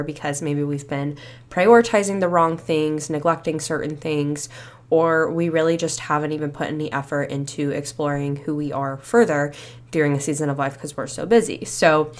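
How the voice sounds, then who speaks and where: A woman's voice: low voice, fairly even intonation, moderate pace. A young woman hosting a solo podcast, chatty and reflective, a bit stuffy and short of breath after a cold. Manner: chatty, reflective, many fillers like "you know" and "like". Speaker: podcast host. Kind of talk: casual solo podcast talk.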